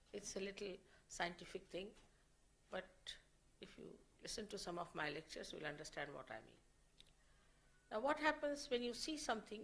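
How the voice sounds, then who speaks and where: A woman teaching a spiritual lecture in a gravelly voice at a middle pitch. She explains slowly and deliberately, circling back over the same phrases as she goes. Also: a bit bright, rough recording.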